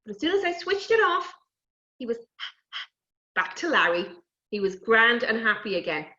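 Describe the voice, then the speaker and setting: A woman presenting a lively lesson on animal safety to young children, coaxing them and talking to toy animals. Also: on the high side, normal speed. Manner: animated, coaxing, talks to puppets and kids. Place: indoors, recorded for an online event. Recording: dull, roomy live stream audio.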